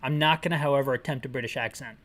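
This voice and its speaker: A woman's voice: extremely low pitch, very fast, a bit bright. A woman giving comedic, sarcastic commentary on an old game with audio description, rambling and correcting herself as she goes. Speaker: game retrospective narrator and describer.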